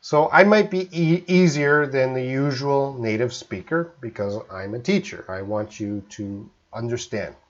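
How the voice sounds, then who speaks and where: Male English teacher from Canada, live Q&A, slow and deliberate, mid-pitched, slightly muffled stream audio. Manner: slow, careful, reads out viewer questions. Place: home in Korea, live stream.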